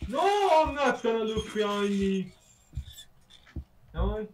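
Man, high voice, swoops up and down, horror game commentary, jumpy, swearing, sarcastic. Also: big pitch swings, slow, pauses often, poor audio. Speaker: gaming YouTuber.

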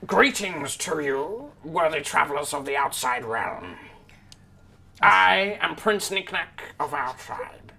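A man's voice: fairly high pitch, expressive, takes it slowly, vocal fry, bright, forceful tone, husky, exaggerated voice. Knick-Knack, a man doing a regal kobold prince. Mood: courtly. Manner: stiff, courtly speech. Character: regal, formal young male kobold prince.

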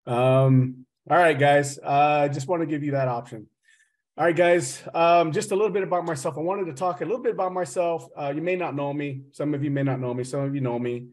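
A man's voice: fairly high pitch, fairly quick. A middle-aged man from Oklahoma with a slight Southern drawl, a professor giving a casual, joking talk over a video call. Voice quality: chatty, teasing, loose and joking. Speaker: associate professor and speaker.

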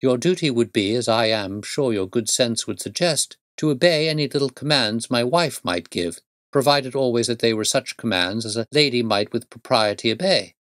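A man voicing an eccentric middle-aged gentleman who talks in a coaxing, fussy way with rising emphasis. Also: mid-range voice, expressive, normal speed, dry recording, studio quality, lightly acted. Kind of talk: audiobook reading.

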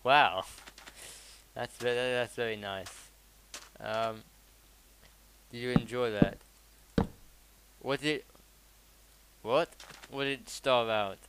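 Speaking slowly with long pauses, a medium-pitched man from the south of England rambles through casual commentary as he streams a game and replies to his chat. Mouse clicks and loud background noise come through in the recording.

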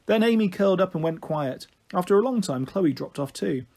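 A man reads a children's novel aloud with an expressive, animated delivery. His voice is husky and fairly high. It rises and falls a lot. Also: brisk. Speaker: storyteller.

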